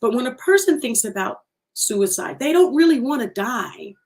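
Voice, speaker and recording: A middle-aged woman hosting a livestream, sharing an emotional personal testimony, slow and heartfelt, repeating phrases for emphasis, her voice breaking at times. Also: a little high, big pitch swings, creaky, a little mellow.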